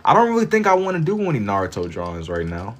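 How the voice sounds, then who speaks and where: A man's voice: medium pitch, huge pitch swings, fast. A young man chatting casually with his live-stream chat while he draws, laid-back and slangy, often repeating a phrase while he thinks. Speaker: livestreamer drawing for chat.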